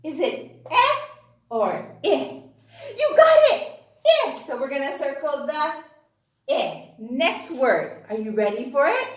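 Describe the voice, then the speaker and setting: In an echoey room, a woman teaches little kids phonics, her voice high and lively and her pace very slow and sing-song. She cheers the children on and gasps happily at their answers.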